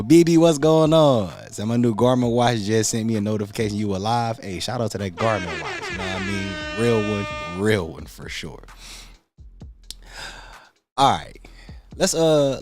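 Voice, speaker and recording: A man's voice: on the low side, darkish tone. A man hosting a casual livestream, greeting viewers by name in laid-back slangy talk. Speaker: livestream host.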